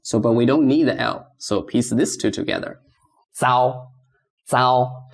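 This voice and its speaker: A man's voice: medium pitch, a little fast, creaky, darkish tone, breathy edge. A man teaching beginners pronunciation, patiently repeating sounds and stressing tones. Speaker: Mandarin teacher.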